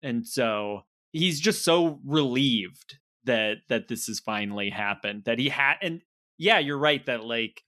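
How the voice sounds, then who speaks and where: A man's voice: mid-range voice, expressive, unhurried, pushed and bright, no room sound, studio quality. A man co-hosting a podcast, talking through ideas thoughtfully and analytically in a casual chat. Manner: thoughtful, analytical, laughs easily. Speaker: podcast co-host.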